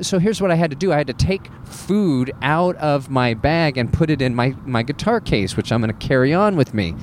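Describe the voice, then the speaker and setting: A male comedian rants sarcastically in a middle-pitched voice and keeps jumping up into high disbelieving tones. A faint noise hangs under the recording. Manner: animated and sarcastic, jumps into high incredulous squeaks. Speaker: cruise ship entertainer. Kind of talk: comic storytelling rant.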